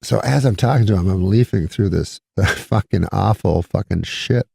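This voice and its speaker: Gravelly low-voiced man telling a rambling story. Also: normal speed, dark tone, no room sound. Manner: dry, meandering storytelling with quoted voices and chuckles. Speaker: comedian telling stories on a talk show. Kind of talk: casual anecdote telling.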